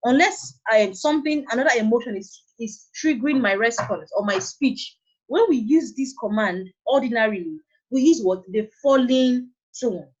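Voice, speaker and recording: A woman with a Nigerian accent teaching an English lesson, speaking deliberately and repeating key phrases. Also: a little high, lively intonation, breathy edge. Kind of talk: classroom lesson on intonation. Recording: dull lo-fi recording.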